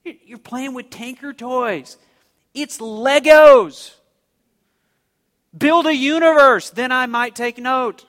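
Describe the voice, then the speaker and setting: A man's voice: very high-pitched, moderate pace, few pauses, in a large hall, voice pushed up. A man voicing God, who mocks people in sarcastic, sing-song mock awe. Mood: teasing. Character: mocking male God, amused, teasing.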